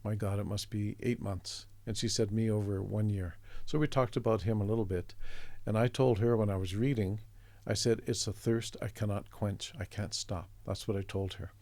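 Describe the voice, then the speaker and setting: Gravelly low-voiced man telling a story. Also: fairly even intonation, normal speed, hardly any pauses, warm tone, no room sound. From Canada. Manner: reflective, meandering anecdotes with restarts. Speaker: interview guest, artist. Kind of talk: conversational storytelling.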